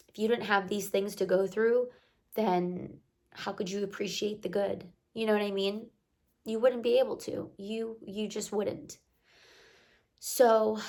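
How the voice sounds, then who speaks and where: A woman's voice: mid-range voice, gravelly, darkish tone. A young woman talking earnestly to camera, giving a heartfelt motivational pep talk with repeated encouraging phrases. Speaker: motivational vlogger.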